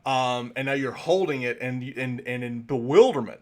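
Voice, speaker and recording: A man's voice: medium pitch, moderate pace, darkish tone. A man narrating a tabletop game as game master, rambling through many fillers and restarts.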